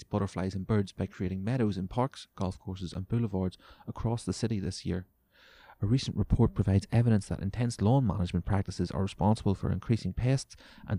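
Gravelly, sweary man. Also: sits low, dark tone, no echo. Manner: sweary, sarcastic, reads news aloud mockingly. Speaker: podcast host. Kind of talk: casual ranting monologue.

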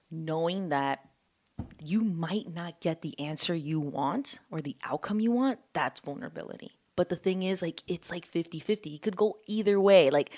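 A woman co-hosting a podcast, telling a personal story in a candid casual chat, full of fillers and acted-out quotes. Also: sits low. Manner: animated storytelling with many fillers and quoted dialogue. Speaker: podcast co-host. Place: living in New York.

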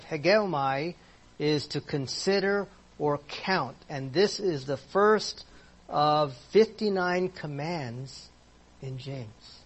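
A man's voice: on the high side, husky. A man teaching a Bible class in a conversational way, asking his listeners questions as he explains verses.

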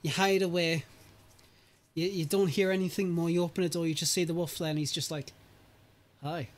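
A man's voice: fairly high pitch, little pitch movement, fairly quick. A man hosting a podcast in casual chat, talking easily and laughing often. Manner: chatty, laughs often, restarts. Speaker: podcast host.

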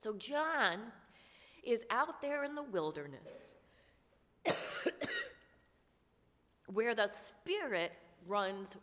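A woman pastor with a cold preaching a sermon, slow and earnest with touches of humor. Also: fairly high pitch, a bit bright. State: has a cold, coughing. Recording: long reverb of a large room.

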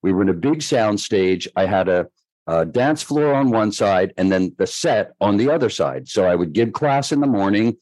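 An older man, a guest choreographer, telling stories in a chatty, animated way and laughing along. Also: fairly low pitch, normal speed, no room sound, rough recording. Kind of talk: storytelling interview.

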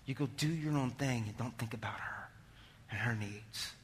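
A man preaches a sermon in a church sanctuary, his voice trailing into long hall reverb with a little hiss or hum. Moving at a moderate pace, this pastor is animated, swinging from shouts down to quiet tones.

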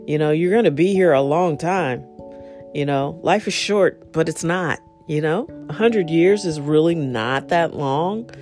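Relaxed monologue voice, chatty and digressive, livens up on anecdotes; soft guitar bed. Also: mid-range voice. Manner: rambling, many fillers and asides; animated when retelling exchanges. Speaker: monologue speaker. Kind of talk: casual storytelling and advice.

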